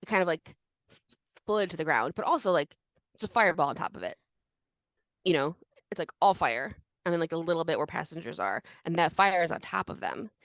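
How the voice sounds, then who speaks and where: A young woman co-hosting a casual history podcast, animated and full of fillers. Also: fairly low pitch, fairly quick, no echo. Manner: animated, many fillers and restarts. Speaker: podcast co-host.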